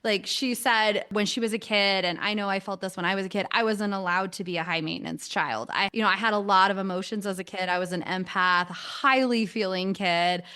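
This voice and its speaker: A woman's voice: medium pitch, steady tone, fairly quick, few pauses, bright, forceful tone, clean tone. A woman who is a parent of young children, speaking earnestly and reflectively in a casual podcast conversation. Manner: earnest and reflective, with frequent affirming murmurs.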